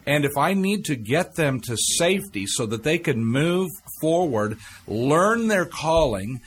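A man's voice: on the high side, very animated, unhurried, slightly rough. A man with a Texan accent speaking earnestly and measuredly as a talk show host, repeating key phrases. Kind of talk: reflective talk-show chat.

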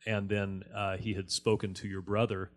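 A man interviewing a guest, breaking in to restate the guest's story clearly. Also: lowish voice, flat delivery, normal speed.

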